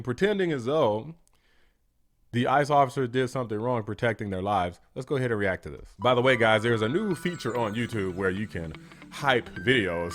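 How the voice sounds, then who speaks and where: A man's voice: mid-range voice, a bit bright. A man hosting a reaction commentary, ranting and mocking in a blunt, heated way. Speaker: political commentary host.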